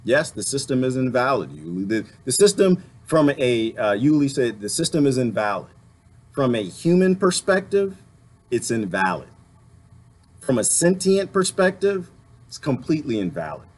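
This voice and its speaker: Ranting man with a lively pitch. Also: moderate pace. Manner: emphatic, rhetorical questions, swearing, laughs often. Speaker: vlogger. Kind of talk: impassioned political rant.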